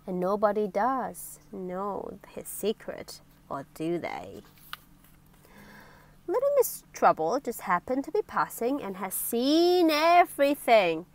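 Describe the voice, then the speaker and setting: A woman reading a children's storybook aloud in an expressive, playful way. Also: a little high, unhurried. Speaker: story reader.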